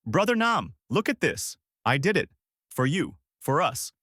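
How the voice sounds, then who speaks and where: A man voicing a grieving young woman who teaches in a village, pleading and shouting through tears. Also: medium pitch, big pitch swings, moderate pace, no echo, clean studio sound. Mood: fervent.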